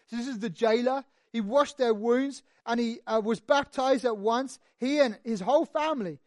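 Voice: medium pitch, dry recording, clean studio sound. A preacher giving an expository sermon in a conversational way, asking rhetorical questions and retelling the story with animation.

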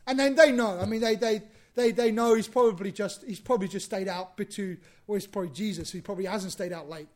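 Male preacher, high voice, animated, sermon, plays out dialogue. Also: fast, few pauses. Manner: animated, acts out biblical dialogue, repeats himself.

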